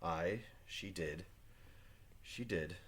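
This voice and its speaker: A man's voice: sits low, extremely slow, a bit bright, slightly rough, pitched below the performer's own voice, full character voice. A man voicing John Proctor, a stubborn farmer husband, read aloud from a play with old-fashioned phrasing. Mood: earnest. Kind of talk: reading play aloud to a class.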